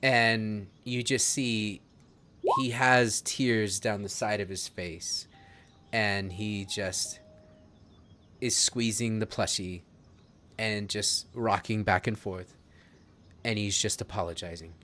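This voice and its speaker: A man running a tabletop role-playing game, narrating scenes in a measured, descriptive way with jokey asides. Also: on the low side, steady tone, bright, forceful tone. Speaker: game master.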